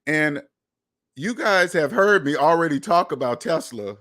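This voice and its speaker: A man hosting a finance channel speaks in a fairly high voice. He talks straight to his viewers in an emphatic, repetitive way, with the odd swear word thrown in. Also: animated, measured pace, fairly bright tone. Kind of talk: casual monologue commentary.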